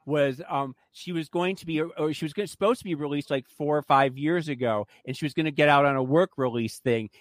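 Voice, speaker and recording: A man's voice: fairly high pitch, no echo. Sassy gossipy man trading movie opinions. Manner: sassy, gossipy, quick to laugh. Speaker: podcast co-host. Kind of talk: casual pop-culture chat.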